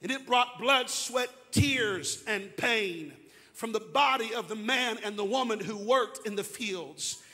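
An actor playing a grieving male pastor who preaches steadfast faith, swelling into shouted declarations. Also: sits high, unhurried, in a large hall, faint music behind. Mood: earnest. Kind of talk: sermon.

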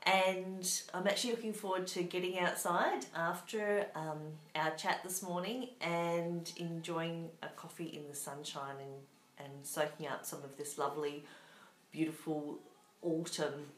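A woman's voice: lowish voice, fairly even intonation, a little slow, a little hiss or hum. A woman with an Australian accent hosting a live craft show from her home craft room, bubbly and chatty as she greets viewers by name. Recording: echoey room.

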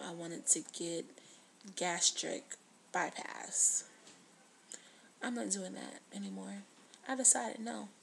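A woman in her twenties talking earnestly to the camera in a confessional video diary, sometimes dropping to a hush. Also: medium pitch, vocal fry, slight background noise. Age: 20s. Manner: earnest, heartfelt, drops to a hush at times. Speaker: vlogger.

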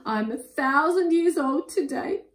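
A woman voicing a lonely thousand-year-old male dragon, high and wailing as he sobs. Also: big pitch swings, unhurried. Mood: sobbing. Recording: roomy echo.

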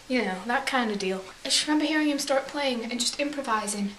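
A woman's voice: high voice, quick pace, hardly any pauses, fairly bright tone. Chatty young woman with a put-on English accent. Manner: chatty, acts out quotes in silly voices. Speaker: vlogger. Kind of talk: rambling casual storytelling. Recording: echoey room with faint hiss.

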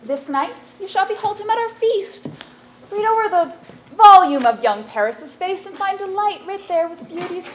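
A woman playing a noble mother, declaiming formal verse in amateur stage acting. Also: sits high. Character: stately noble mother urging marriage. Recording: roomy stage recording.

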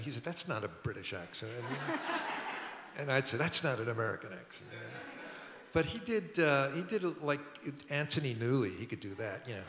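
An older man tells studio stories with a rambling, animated flow, full of restarts and chuckles. His mid-pitched voice carries through a roomy museum hall, with a long reverb and a faint hum behind it. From Brooklyn, New York. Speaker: record producer guest. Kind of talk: storytelling on a public talk stage. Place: museum auditorium.

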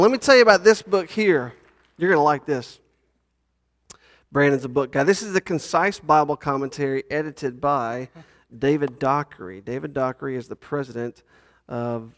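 A man's voice: on the high side, a bit bright. A male pastor, preaching and reading scripture in a folksy, joking way. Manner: folksy, says y'all, jokes with the congregation.

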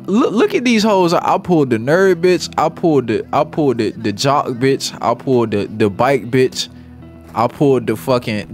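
Male gaming host riffing on his playthrough, animated swings in pitch, a bit high, faint music under him. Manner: profane, loud outbursts and rambling asides. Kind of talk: casual gameplay commentary.

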